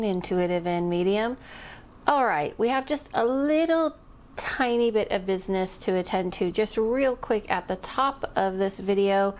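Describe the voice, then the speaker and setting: A middle-aged woman who works as an intuitive medium, chatting casually to camera on her vlog and rambling off topic with little laughs. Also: mid-range voice. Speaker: intuitive medium and channel host.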